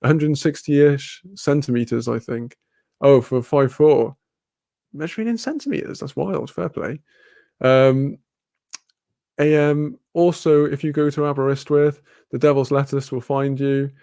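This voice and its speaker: A man from Wales with a Welsh accent, hosting a livestream and chatting casually through viewer comments, relaxed, laughing and swearing freely. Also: medium pitch, measured pace, dry recording. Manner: laid-back, swears freely, laughs often. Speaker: livestream host.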